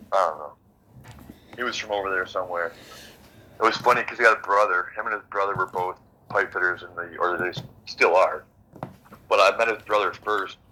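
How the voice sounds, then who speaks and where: Canadian guy, deep and kinda husky, swears a lot telling rambly stories. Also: bright, forceful tone, poor audio. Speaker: mobile game player. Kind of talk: casual chat while gaming.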